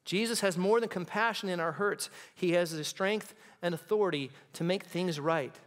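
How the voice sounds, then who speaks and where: A pastor preaching a sermon in a church, building to impassioned peaks and dropping to hushed, quiet lines. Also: male voice, high-pitched, moderate pace. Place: church sanctuary.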